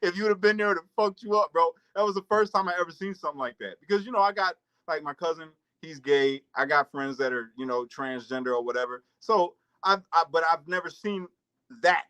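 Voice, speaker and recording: A man's voice: a little high, a little fast, clean tone, poor audio. A man casually telling a laughing, profane story about his past on a chat show. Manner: laughs through stories, swears, animated storytelling. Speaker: podcast co-host.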